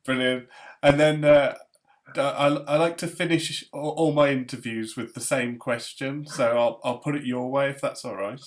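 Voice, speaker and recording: A man hosting a casual chat interview, laughing often and asking questions in a relaxed way. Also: medium pitch, moderate pace. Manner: laughs often, gives short prompts. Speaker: podcast interviewer.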